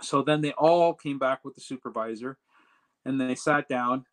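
A man telling a personal story in a casual, animated way, acting out the dialogue as he goes. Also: mid-range voice, moderate pace, poor audio. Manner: animated retelling that acts out quoted dialogue. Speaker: storyteller recounting a personal trip.

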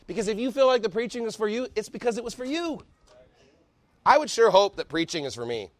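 A man preaching a sermon with fervor, reading scripture quickly and building up to shouting. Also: sits high, sing-song, no echo. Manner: fervent preaching, rising to shouts; reads scripture aloud quickly. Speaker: pastor.

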